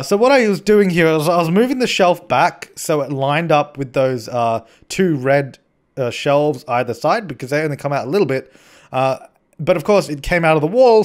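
A young man giving a chatty, rambling voice-over commentary on a building game, often restarting his sentences and teasing himself. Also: a little high. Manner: chatty, rambling, self-mocking, frequent restarts. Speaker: game channel host.

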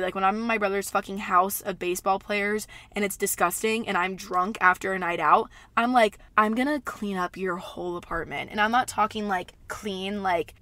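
A woman's voice: medium pitch, no echo. A young woman from the American South hosting a podcast, telling a long story in a rambling, profane way full of "like". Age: young adult. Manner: rambling, filler-heavy, profane and animated. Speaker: podcast host. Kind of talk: casual storytelling.

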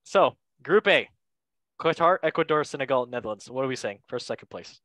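A young man hosting a casual football podcast, playful and quick to laugh, with goofy asides. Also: medium pitch, lively intonation, fairly bright tone, no room sound. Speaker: podcast host.

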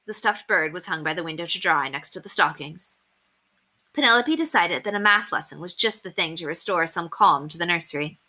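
A woman teacher reading a children's chapter book aloud, expressive and playing up the character voices. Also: lowish voice, brisk. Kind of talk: children's read-aloud narration.

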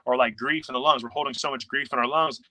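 Guy coach talking quick, bright forceful voice, lively, acts out little voices. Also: medium pitch, no room sound, poor audio. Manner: animated, acts out quoted inner voices. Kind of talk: casual interview talk.

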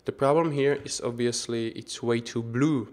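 A man giving an unscripted software tutorial as instructor, thinking aloud with frequent restarts and self-corrections. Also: mid-range voice, steady tone, normal speed. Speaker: 3D visualization instructor.

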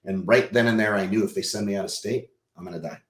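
A man from Texas tells his own story as a podcast guest. His voice sits on the lower side, and he talks in an animated way, acting out the lines of other people and swearing now and then. The room gives the sound a clear echo. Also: fast talker. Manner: animated, swears casually, acts out quotes. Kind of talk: personal storytelling in an interview.

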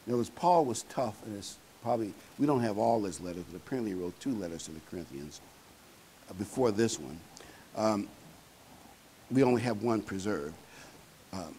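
A man's voice: lowish voice, animated, moderate pace, long pauses, warm tone, a little hiss or hum, rough recording. A man preaching a sermon in a conversational, folksy way, with fillers and asides to the congregation.

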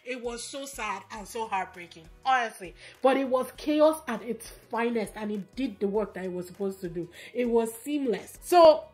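A woman's voice: fairly high pitch, faint music behind. Chatty woman recapping a reality show. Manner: animated, fast storytelling with fillers and acted quotes. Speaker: recap vlogger.

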